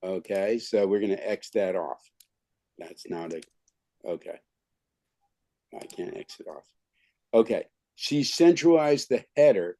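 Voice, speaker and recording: A man's voice: fairly low pitch, animated, unhurried, pauses often, mellow, dry recording. A man teaching an online skills class over a video call, talking informally and filling his speech with "okay" and "right". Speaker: skills trainer.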